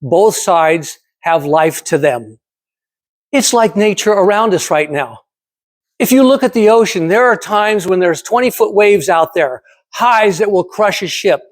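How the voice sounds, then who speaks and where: A man's voice: high-pitched, expressive, measured pace. A man in his seventies giving a prepared motivational speech at a speaking club. He talks emphatically, asks rhetorical questions and keeps repeating his key phrases. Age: 70s.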